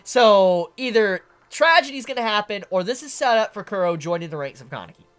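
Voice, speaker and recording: Young woman, casual commentary, emphatic, sweary, swooping pitch. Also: expressive, a little fast. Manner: emphatic, swears often, repeats words. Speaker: manga reviewer.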